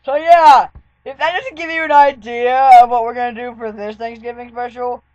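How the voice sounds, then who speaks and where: A woman's voice: on the high side, steady tone, a little fast, mellow, dull audio, soft background music. A woman vlogger telling a story in a casual, rambling way, with lots of "like". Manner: chatty, rambling, full of "like" fillers.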